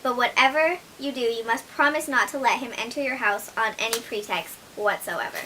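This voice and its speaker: A woman's voice: on the high side, a little fast, pushed and bright, a little hiss or hum, poor audio. Woman voicing an anxious old mother pig. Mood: pleading. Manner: earnest, warning storybook voice. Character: old, feeble mother pig, worried and loving.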